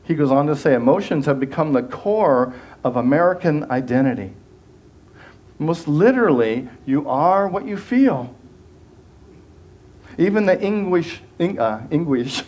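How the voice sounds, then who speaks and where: A man's voice: on the high side, very animated, unhurried, a little mellow. A man giving a sermon as minister, earnest and conversational, often restarting phrases and acting out quoted voices.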